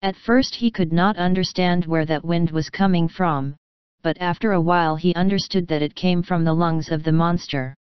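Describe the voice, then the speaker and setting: Woman, audiobook narrator, gentle bedtime storytelling, low crystal-clear voice, dry close recording. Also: steady tone, moderate pace, no echo. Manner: gentle, addresses the children directly. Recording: slightly muffled, dry.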